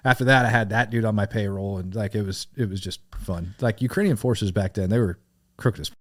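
A middle-aged man telling a wild story in casual podcast chat, animated and profane, laughing as he goes. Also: on the low side, a little fast. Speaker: podcast guest.

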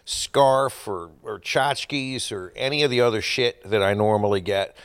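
A man in his forties, co-hosting a podcast with casual chat and deadpan quips. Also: on the low side, unhurried, clear, resonant tone, no echo. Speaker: podcast co-host.

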